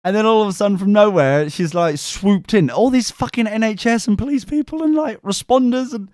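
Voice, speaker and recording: Brisk and high-voiced, this male podcast co-host tells a rowdy story during casual chat, animated and swearing as he performs quotes in camp voices. The studio-quality recording has no echo.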